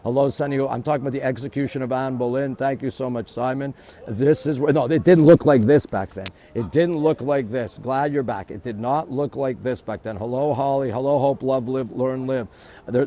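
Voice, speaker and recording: A man's voice: medium pitch, mellow. Chatty man giving a live walking tour. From Canada. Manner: chatty, greets viewers constantly between facts. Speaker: live-stream tour guide. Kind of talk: walking live-stream tour with viewer shout-outs. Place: outdoors at a historic castle. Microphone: phone held while walking.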